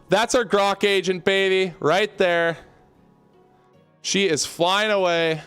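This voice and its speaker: A man's voice: high voice, steady tone, slow pace, a bit bright, smooth, faint music behind. A young man hosting a casual home livestream, hyped and chatty, talking straight to his viewers. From Canada. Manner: hyped, talks to chat, calls viewers baby and y'all. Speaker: livestream host. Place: home basement room.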